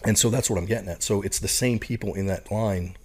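Middle-aged man, lowish and husky, an animated guest storyteller. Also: fast. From Canada. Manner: animated storyteller who acts out the people in his stories. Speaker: podcast guest. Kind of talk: casual storytelling.

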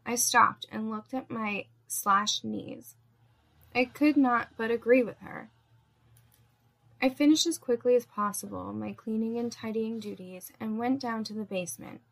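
A woman narrating a first-person story in a steady, measured reading. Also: on the high side, vocal fry.

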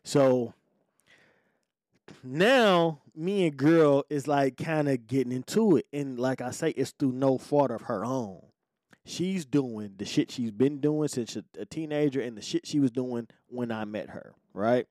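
A man's voice: mid-range voice, a little slow, a little mellow, dry recording, clean studio sound. A man around forty, a podcast host, telling a personal story in a blunt, laid-back, profane way and often asking "you know what I'm saying". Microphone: podcast microphone.

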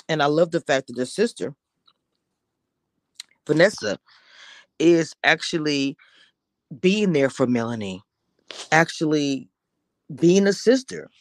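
A woman's voice: low voice, no echo. Woman TV reviewer, casual and chatty, slips into whispers for emphasis, dry close recording. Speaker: TV show reviewer. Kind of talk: casual episode recap.

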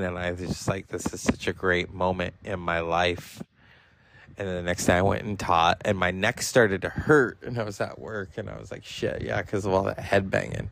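A man's voice: low voice, rough recording. A man in his forties hosting a podcast, telling casual personal stories in a rambling, profane way with lots of fillers. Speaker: podcast host.

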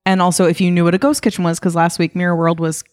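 A woman's voice: on the low side, level tone, quick pace, a little mellow. A woman co-hosting a podcast in casual, joking chat, reading out listener emails. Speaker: podcast co-host.

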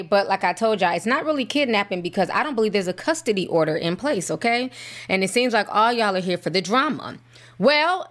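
Woman host, blunt chatty gossip commentary, mid-pitched voice. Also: a bit bright. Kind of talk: casual celebrity gossip commentary.

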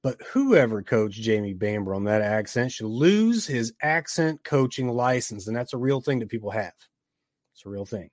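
A man from Tennessee with a Southern US accent, casually reviewing a horror film with joking asides and drawn-out words for emphasis. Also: mid-range voice, sing-song, a little mellow, dry recording, clean studio sound. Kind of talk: casual movie review commentary.

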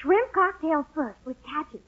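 A woman playing a chatty, dreamy teenage girl who gushes on without pausing, in 1940s radio acting. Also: high voice, expressive. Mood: gushing. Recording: tinny 1940s radio broadcast.

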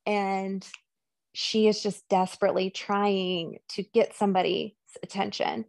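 With a creaky, mid-range voice and a slightly slow pace, a podcast co-host chats through a movie recap. The studio-quality recording has no echo, and her retelling is animated, with characters' lines voiced in quotes.

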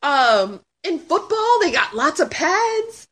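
A woman in her thirties, chatting casually as a guest and answering questions with lots of laughing, swearing and sudden shouts. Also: high-pitched, big pitch swings, takes it slowly. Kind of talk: casual chat.

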